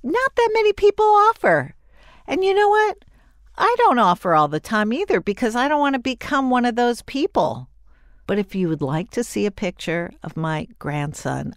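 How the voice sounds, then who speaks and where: A woman's voice: fairly low pitch, no room sound, studio quality. An older woman hosting her own podcast, talking chattily and effusively in a solo monologue. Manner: chatty, animated and warmly effusive. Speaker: podcast host.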